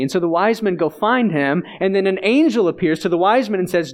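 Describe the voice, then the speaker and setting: A man's voice: sits high, fast, few pauses. A man preaching a sermon in an earnest, emphatic and conversational way, often repeating his phrases for weight. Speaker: pastor.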